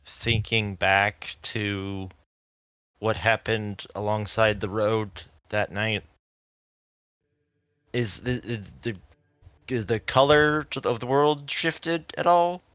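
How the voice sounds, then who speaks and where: Man, tabletop player, slow hesitant speech, bright voice, dry sound. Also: fairly low pitch, smooth, no room sound. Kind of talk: casual chat.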